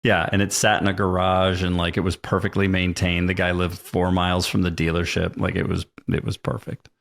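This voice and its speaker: A middle-aged man telling stories as a podcast guest, animated and laughing often. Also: low-pitched, fairly quick, vocal fry. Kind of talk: casual chat, storytelling.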